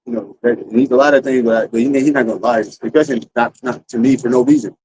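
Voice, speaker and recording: A man's voice: mid-range voice, fast, noisy background. A man telling a rambling, profane story to his livestream audience in a casual way, full of restarts. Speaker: streamer.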